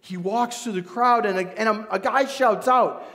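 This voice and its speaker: A pastor with a Midwestern American accent preaching a sermon, retelling the story dramatically and voicing its figures. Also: male voice, sits high, normal speed, hardly any pauses, a bit bright.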